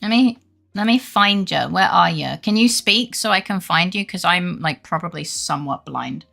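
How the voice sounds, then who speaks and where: A bright-toned woman chats to her live-stream audience in a loose, sweary, laughing way. Her voice carries some vocal fry, and faint music plays underneath. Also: on the low side, moderate pace. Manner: chatty, swears freely, laughs often. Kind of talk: casual live-stream chat with viewers.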